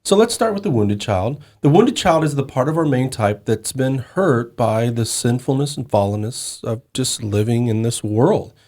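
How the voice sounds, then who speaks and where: A man co-hosting a podcast, explaining in a measured way with some restarts. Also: mid-range voice, lively intonation, darkish tone. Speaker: podcast co-host.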